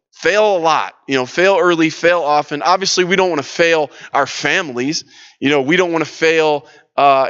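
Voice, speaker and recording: A man teaches a church leadership session in a loose, conversational manner, circling back and restarting his sentences as he tells stories. His voice sits a little high and comes across smooth and resonant. The recording sounds dull and lo-fi. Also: fairly bright tone. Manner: casual storytelling, lots of restarts and fillers.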